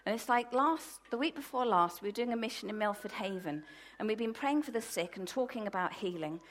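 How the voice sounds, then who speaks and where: A woman preaching a sermon from the UK, telling stories in a lively way with loud, emphatic bursts. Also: mid-range voice, a little fast, a little hiss or hum.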